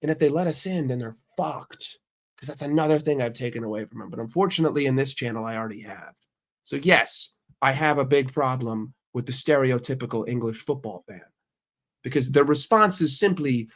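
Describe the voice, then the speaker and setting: A man's voice: mid-range voice, brisk. A young adult man from the United States hosting his channel, ranting casually with heavy swearing and a brash manner. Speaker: streamer and channel host. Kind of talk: casual profane rant.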